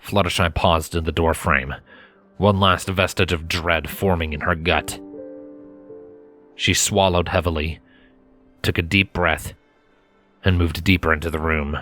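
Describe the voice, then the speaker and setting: A man narrates a fan-written story in a low, steady voice. His delivery is measured and even, with faint background music underneath. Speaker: fanfiction reader.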